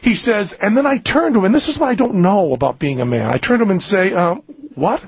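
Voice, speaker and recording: A man hosting a talk radio show, telling a long story with animated delivery and popping into a high squeaky voice for his own lines. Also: fast.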